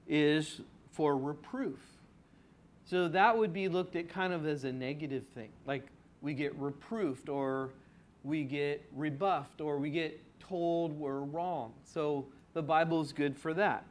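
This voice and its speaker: A man's voice: on the high side, measured pace. A man preaching an expository sermon in a conversational way, asking his congregation rhetorical questions and stretching out key words for emphasis. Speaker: pastor.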